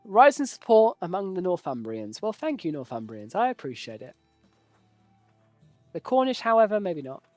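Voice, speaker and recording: A man streaming a strategy game live, chatting in a loose, rambling way and poking fun at himself. His pitch swings widely up and down as he talks, and the recording is dry and close. Soft game music plays faintly behind him. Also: wildly swooping pitch, normal speed, dry recording. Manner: rambling, jokey, self-deprecating; casual swearing. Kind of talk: casual live gameplay commentary.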